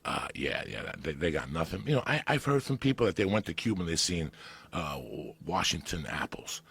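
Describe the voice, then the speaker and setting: Gravelly, very deep-voiced New man. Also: brisk. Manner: animated, profane storytelling with bursts of loud emphasis. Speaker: podcast guest. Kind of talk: storytelling in casual chat.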